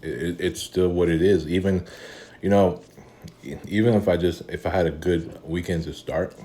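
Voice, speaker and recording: A man with an extremely deep, low voice talks his way through a casual vlog, tired and rambling, circling back on himself with lots of fillers. He chews and eats between sentences. A faint hum sits under the recording. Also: fairly even intonation, moderate pace, dark tone. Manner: weary, rambling, many fillers and restarts; eating while talking. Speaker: vlogger.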